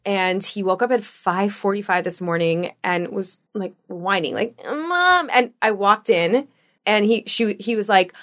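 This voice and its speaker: A woman in her thirties co-hosting a podcast, telling stories in casual, animated chat. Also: medium pitch. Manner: animated storytelling, quick asides. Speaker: podcast co-host.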